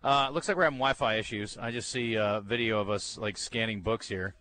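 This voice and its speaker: Fast-talking bright-voiced male radio host. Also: lowish voice. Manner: easygoing, quick banter. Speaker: radio sports talk host. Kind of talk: casual radio chat. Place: bookstore, live broadcast.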